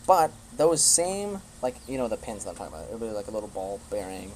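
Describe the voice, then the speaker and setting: A young male streamer rants casually to his live stream, blunt and swearing often while restarting sentences. His voice is on the low side, fast and darkish with a sing-song quality, and a faint hiss runs in the background.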